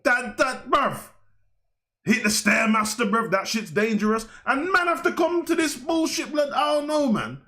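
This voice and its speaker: A man's voice: extremely high pitch, animated, a little slow, pushed and bright. A young man, hosting a wrestling talk show in a slangy, heated, rambling rant. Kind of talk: ranting casual commentary.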